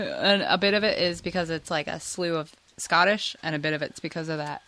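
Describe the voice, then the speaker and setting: A woman's voice: low voice, moderate pace, a bit bright, dry recording. A woman, the host's wife, chatting casually on a podcast, explaining at length with lots of fillers. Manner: rambling, explanatory, filler-heavy. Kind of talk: casual chat.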